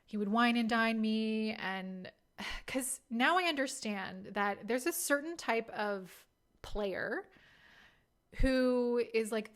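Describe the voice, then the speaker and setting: A woman in her thirties tells her dating stories in a relaxed, candid monologue. She pokes fun at herself and laughs easily. Her voice sits a little on the high side. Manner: candid, self-deprecating, laughs often. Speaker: podcast host. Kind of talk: casual storytelling monologue.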